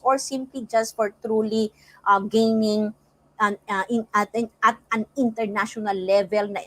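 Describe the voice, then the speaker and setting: A woman's voice: mid-range voice, dry recording, poor audio. A woman from the Philippines with a Filipino accent, hosting a life coaching talk show and running through casual announcements with fillers and self-corrections.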